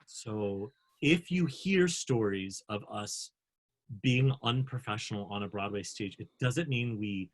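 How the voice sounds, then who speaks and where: A man's voice: on the low side, a little slow. Man telling a self-mocking story. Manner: animated, self-mocking anecdote with acted-out quotes. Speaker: panel host, actor. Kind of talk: casual storytelling on a video panel. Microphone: video call.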